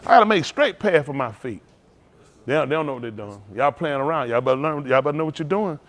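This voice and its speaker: A man preaching a sermon, rousing and conversational, swinging between loud calls and hushed asides. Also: on the high side, lively intonation, quick pace. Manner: rousing call-and-response preaching, Southern Black church cadence. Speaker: pastor.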